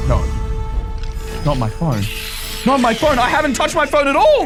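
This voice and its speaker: A man giving excitable, panicky gaming commentary to his viewers. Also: extremely high pitch, a little fast. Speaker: gaming YouTuber. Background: background music.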